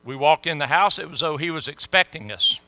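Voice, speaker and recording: A middle-aged man telling a story in a sermon, folksy and animated. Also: a little high, fast talker, dry recording. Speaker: pastor.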